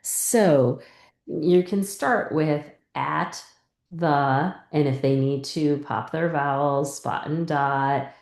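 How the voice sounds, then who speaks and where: Low, slow-speaking woman teacher. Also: echoey room. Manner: calm, step-by-step modeling of teacher and student turns. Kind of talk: instructional lesson.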